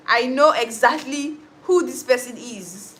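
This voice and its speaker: A woman's voice: fairly high pitch, unhurried, fairly bright tone, slight background noise, rough recording. Chatty young woman hosting a livestream. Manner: chatty, laughs often, reads and answers viewer comments. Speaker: livestream host and musician. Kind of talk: casual livestream chat with viewers.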